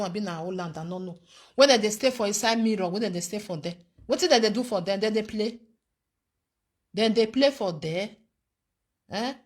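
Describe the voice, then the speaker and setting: A young Nigerian woman talks straight to her viewers in a casual advice vlog, with an animated and preachy delivery. She keeps checking in with a rhetorical "eh?". Her voice sits at a middle pitch. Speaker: vlogger giving advice.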